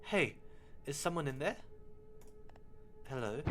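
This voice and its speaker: A man's voice: mid-range voice, huge pitch swings, takes it slowly, long pauses, soft background music. A man casually commenting while playing a game, blunt and swearing freely. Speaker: gamer playing through a game. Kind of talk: casual let's-play commentary.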